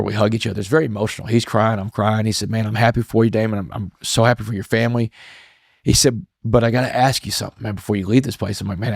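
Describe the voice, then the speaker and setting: Middle-aged man, somewhat low voice, dry close sound, casual storytelling. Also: vocal fry, breathy edge, dry recording. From Texas. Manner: casual, animated storytelling with many "man" fillers. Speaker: guest, motivational speaker. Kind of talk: storytelling in a podcast interview.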